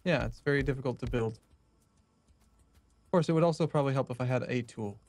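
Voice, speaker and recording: A man's voice: mid-range voice, normal speed, darkish tone, no room sound, soft background music. A man chatting during a multiplayer game in a dry, matter-of-fact way. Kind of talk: casual gaming chat.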